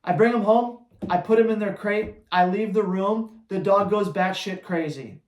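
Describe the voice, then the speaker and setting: A man who trains dogs, answering viewer questions on a live Q&A in a blunt, energetic, slangy way. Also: sits high, normal speed, reverberant. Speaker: dog trainer.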